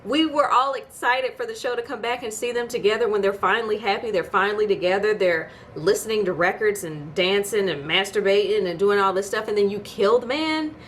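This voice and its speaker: A woman's voice: medium pitch, a little fast, hardly any pauses, a bit bright, slight background noise. A woman giving a casual TV episode recap as a video host, chatty and storytelling, with incredulous asides. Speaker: YouTube TV reviewer.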